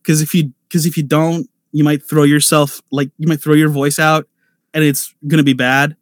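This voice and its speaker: A man's voice: fairly high pitch, level tone, moderate pace, no room sound, clean studio sound. Rambling man giving voice-acting advice. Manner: rambling, many fillers and restarts. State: nervous at first panel. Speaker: voice actor on a convention panel. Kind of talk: casual advice talk.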